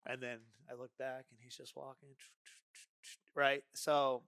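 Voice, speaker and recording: Casting: male podcast guest, lively storyteller, dry close mic. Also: mid-range voice, measured pace, creaky, clean tone, no echo. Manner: animated, acts out dialogue, frequent "right?". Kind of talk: casual storytelling.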